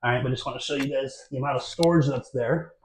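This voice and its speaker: A man films a walkthrough of a new house, holding the camera himself as he moves from room to room. He talks in a relaxed, chatty way, full of fillers and little self-corrections. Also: medium pitch, fast, a little hiss or hum. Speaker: real estate vlogger. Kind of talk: casual home tour walkthrough. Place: inside a new house, walking through rooms. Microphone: handheld camera mic.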